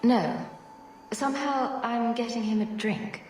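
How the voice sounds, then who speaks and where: A woman's voice: fairly high pitch, fairly even intonation, a little slow, darkish tone, reverberant, faint music behind, lightly acted. An actress voicing a dry-witted female hero in a fantasy video game, speaking in a sardonic way. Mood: wry.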